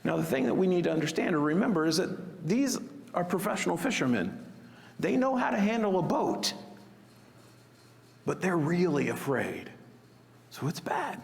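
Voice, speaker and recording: A man preaching a sermon as pastor, expressive and acting out the disciples' panicked cries. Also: sits high, moderate pace, vocal fry, pauses often, long reverb tail.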